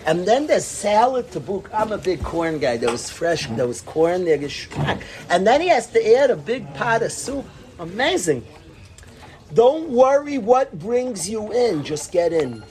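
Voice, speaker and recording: A man with a high voice teaches a casual Torah class, bubbling with enthusiasm. His pitch jumps around a lot, and he drops Yiddish and Hebrew words into his English. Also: a little mellow.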